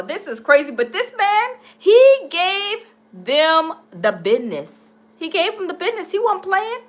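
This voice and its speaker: Female reaction host, high-pitched and lively, animated and exclaiming. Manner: animated, exclaiming, laughing often. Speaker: reaction streamer. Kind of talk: live reaction commentary.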